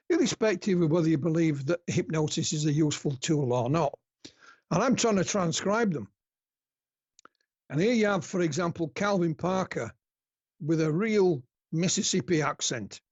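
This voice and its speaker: Husky northern English storyteller. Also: male voice, fairly high pitch, a little mellow, no echo, lo-fi sound. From north of England. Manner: chatty storyteller, laughs at own anecdotes. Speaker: guest researcher. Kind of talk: casual podcast interview.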